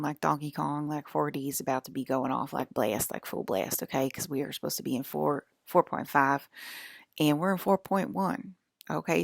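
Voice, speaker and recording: Brief: woman in her 40s, stream host, very gravelly and low, close dry sound, angry profane rambling. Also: dry recording. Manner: rambling with frequent restarts. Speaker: livestream channel host. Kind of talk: rambling spiritual livestream monologue.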